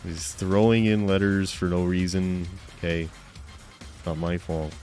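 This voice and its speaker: Low-voiced man streaming a game. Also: fairly even intonation, a little slow, a little mellow, faint music behind. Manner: playful, mock-offended banter, stammering restarts. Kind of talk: live gameplay commentary chatting with viewers.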